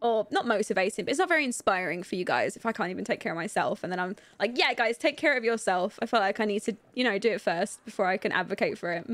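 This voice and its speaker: A woman's voice: mid-range voice, expressive, no room sound. Chatty young woman streamer, dry close mic. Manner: rambling and candid, lots of fillers, quick to laugh. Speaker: game streamer. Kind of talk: casual live-stream chat while playing.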